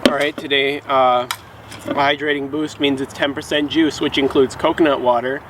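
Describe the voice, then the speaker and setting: A man's voice: medium pitch, little pitch movement, normal speed. A man reviewing a drink in a rambling, sarcastic comic vlog, mock-scolding his viewers, recorded outdoors with traffic noise.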